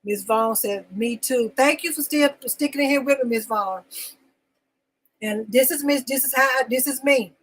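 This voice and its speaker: A woman's voice: sits high, normal speed, poor audio. A woman hosting a live talk show segment, venting emotionally, repeating herself for emphasis and greeting viewers by name. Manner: emotional and insistent, repeating phrases. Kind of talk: live-stream venting monologue.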